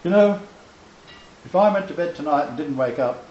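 A man preaching informally to a small group, quoting scripture with emphatic, animated delivery and frequent restarts. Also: a little high, moderate pace. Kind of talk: informal home-group sermon. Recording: roomy, dull lo-fi room recording.

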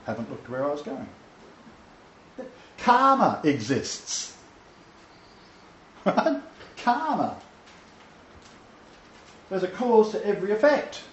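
Man, informal preacher, lively emphatic delivery, faint room ambience, lo-fi roomy recording. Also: a little high, slight background noise. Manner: animated, emphatic scripture quoting with restarts. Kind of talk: informal home-group sermon.

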